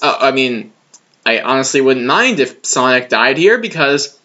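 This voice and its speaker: A young man with a high, bright voice rants about a comic in casual commentary, his pitch swinging widely. He sounds exasperated and sarcastic, and the recording is dull and lo-fi. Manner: exasperated, sarcastic, laughs often.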